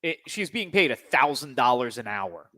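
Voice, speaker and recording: A man's voice: medium pitch, very animated, normal speed, bright, forceful tone. A man co-hosting a podcast, explaining his points in casual, opinionated chat.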